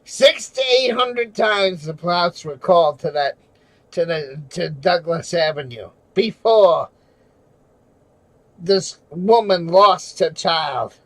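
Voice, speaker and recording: A man ranting angrily on a livestream from home at night, swearing constantly and shouting. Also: high-pitched, slow pace, dry recording, low-quality recording. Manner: furious, profane, shouting. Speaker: livestreamer and auditor. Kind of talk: angry livestream rant.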